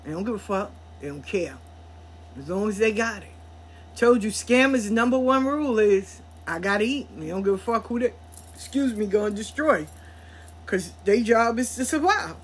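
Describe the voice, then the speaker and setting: A woman hosting a podcast, telling a story in a blunt, profane, animated way. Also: mid-range voice, normal speed, slight background noise. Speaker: podcast host. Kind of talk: casual storytelling monologue.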